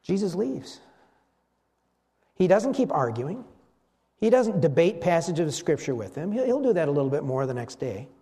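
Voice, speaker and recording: A man preaching a sermon, telling Bible stories with animated delivery and acting out the voices of the people in them. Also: fairly high pitch, normal speed, pauses often. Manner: animated storytelling, acts out voices of biblical figures.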